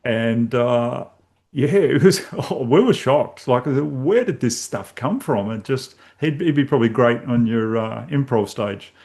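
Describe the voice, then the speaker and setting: A man's voice: medium pitch, lively intonation, unhurried, darkish tone. A middle-aged man, a podcast host telling stories in casual conversation and acting out his own reactions.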